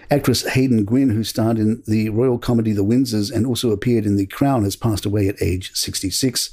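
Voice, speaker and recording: A man hosting a podcast, reading royal news headlines from a script in a measured, steady way. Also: lowish voice, slightly rough. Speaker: podcast host.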